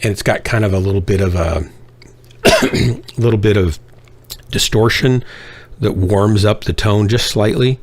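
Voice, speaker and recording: A man's voice: fairly low pitch, a little slow, long pauses, slight background noise. A middle-aged man hosting a game stream, chatting casually in a joking, rambling way. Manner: joking, rambling, self-mocking. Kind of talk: casual chat.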